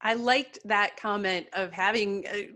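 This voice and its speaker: A woman's voice: mid-range voice, unhurried, bright, forceful tone. A middle-aged woman, the host, reflecting in casual chat with dry humor.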